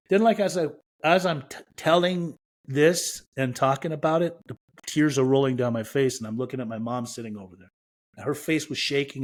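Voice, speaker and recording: A middle-aged Iranian man, appearing as a podcast guest, recounts a personal story, voicing the people's dialogue and letting genuine emotion come through. His voice is mid-range in pitch and a little mellow.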